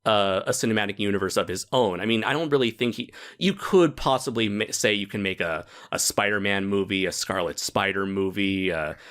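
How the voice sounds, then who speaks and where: A man hosting a casual chat with friends about movies, excitable, laughing often and shouting out quotes. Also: fairly low pitch, a little fast, hardly any pauses. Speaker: podcast host.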